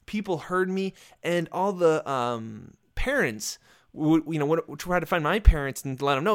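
Laughing man telling a lively story. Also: fairly high pitch, normal speed. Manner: laughing, animated storyteller who acts out quotes. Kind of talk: casual storytelling chat.

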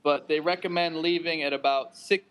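A man's voice: a little high, fairly even intonation, normal speed, a bit bright, a little hiss or hum. A man co-hosting a podcast, talking in an easygoing way and laughing often. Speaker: podcast co-host. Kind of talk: casual podcast chat.

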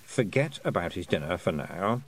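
A man's voice: very animated, moderate pace, full character voice. A man voicing a dry, knowing male talking toad who murmurs wry asides. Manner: low, confiding, wry. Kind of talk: audiobook character voice.

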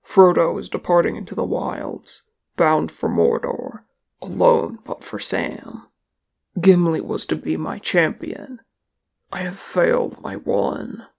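A grim, proud dwarf king who broods over his failures, as a reader puts him on in a storybook reading. His slow, grave words come out with a rough, gravelly fry. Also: mid-range voice, very animated, full character voice. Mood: brooding. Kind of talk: audiobook reading of fan fiction.

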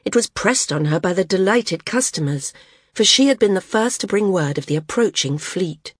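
A woman narrating a fantasy novel in a measured, even storytelling manner. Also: medium pitch, husky, dry recording, studio quality. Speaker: audiobook narrator. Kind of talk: scripted narration.

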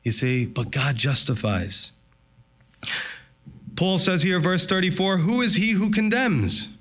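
A man preaching a sermon as pastor, animated, briefly acting out the voices of others in his story. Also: sits high, slow pace. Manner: animated, acts out voices of God and Satan.

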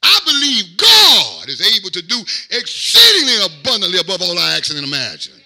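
A pastor preaches, climbing from low murmurs to ringing shouts and stretching key words out slowly. His voice is high for a man and sits bright and forceful on top. A gravelly fry runs underneath it. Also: huge pitch swings. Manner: preaching with swings from quiet to shouting, drawn-out emphasis; call-and-response, repeats phrases. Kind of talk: sermon.

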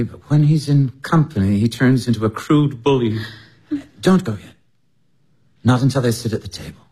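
A man's voice: mid-range voice, a little mellow, husky, low-quality recording. An actor in his twenties playing an earnest, lovesick young baron officer in a radio drama. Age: 20s. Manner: earnest, pleading.

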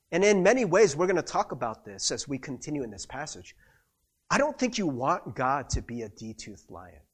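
A man's voice: mid-range voice, husky. A man preaching a conversational sermon as a pastor, chatty, with many fillers, and acting out the quotes he tells.

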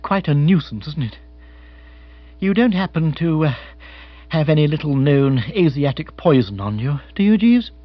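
A man's voice: a little high, animated, normal speed, no room sound. A man voicing a despairing, listless young English lord who speaks dully and wearily, in a storybook reading. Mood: weary. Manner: dull, weary delivery.

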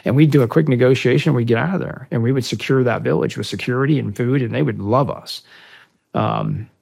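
A man telling a story as a podcast guest, animated and profane, acting out the dialogue. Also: mid-range voice, fairly quick, creaky, slightly rough, no room sound, clean studio sound. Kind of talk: storytelling in a conversation.

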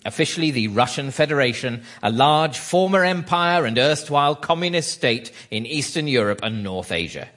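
A man hosting a comedy panel show in a dry, measured way, with occasional stumbling restarts. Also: mid-range voice, animated, a bit bright. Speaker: quiz show host. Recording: studio with live audience.

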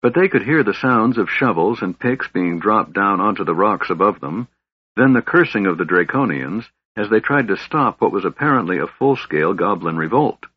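A man's voice: on the low side, expressive, normal speed, breathy edge, no echo, highs cut off. A man steadily narrating a fantasy audiobook with a dramatic reading.

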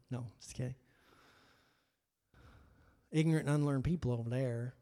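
A man preaching a sermon, acting out biblical figures in his own voice and moving between hushed asides and loud, emphatic lines. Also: mid-range voice, steady tone, normal speed, long pauses. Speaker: pastor.

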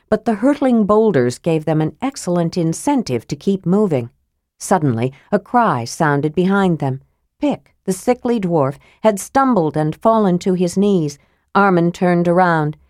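Woman narrator, lower voice, dry close recording, measured fantasy audiobook read. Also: a little mellow, no room sound.

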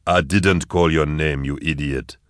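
A man's voice: rumbling low, steady tone, unhurried, no echo, clean studio sound, voice pushed down. A man doing a sneering, short-tempered mobster boss. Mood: contemptuous. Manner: snapping, contemptuous.

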